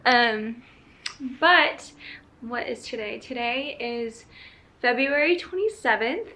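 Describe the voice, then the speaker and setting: Slow, gravelly-voiced woman vlogging. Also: a little high, fairly bright tone. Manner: emotional, laughing often, slow and reflective. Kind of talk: casual chat to camera. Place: her apartment.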